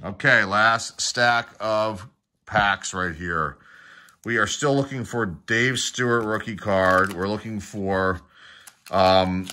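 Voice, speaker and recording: A slight hiss or hum sits under a middle-aged man's low, pushed and bright voice. He's opening baseball card packs, reading players' names off in a rapid list and adding relaxed side comments.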